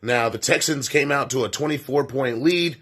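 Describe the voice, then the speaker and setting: A man's voice: mid-range voice, moderate pace, a bit bright, husky. A man co-hosting a sports show segment, giving casual commentary with folksy asides and self-corrections.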